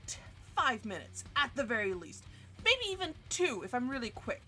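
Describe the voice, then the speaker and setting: A woman streamer telling a story in a casual, animated rant full of swearing, with big jumps in pitch. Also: normal speed. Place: home streaming setup. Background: faint music.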